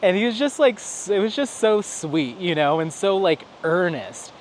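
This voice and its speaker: A man's voice: high-pitched, expressive, normal speed, a little hiss or hum. Chatty man vlogging on a walk. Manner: rambling, chatty storytelling with acted quotes. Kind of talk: casual vlog on a stroll. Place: outdoors, walking.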